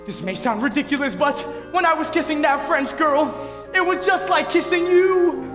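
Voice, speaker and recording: An earnest, lovestruck groom, played by a young man, with a very high, pleading voice. The pit band plays clearly under him, and the room gives off a roomy echo. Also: normal speed. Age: teens. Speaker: Robert, the groom. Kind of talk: high school stage musical. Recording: roomy stage sound in an auditorium, pit music.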